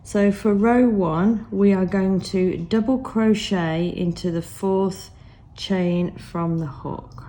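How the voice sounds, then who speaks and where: Slow, patient woman with a croaky voice. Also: fairly low pitch, steady tone, dark tone, a little hiss or hum. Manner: patient, counts stitches aloud. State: croaky, recovering from a cold. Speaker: crochet teacher. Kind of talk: step-by-step craft tutorial.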